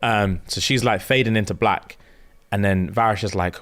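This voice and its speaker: A man, hosting a podcast, excitedly retelling a story with lots of swearing and acted-out voices. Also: lowish voice, moderate pace. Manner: swears freely, acts out every character. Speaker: podcast host.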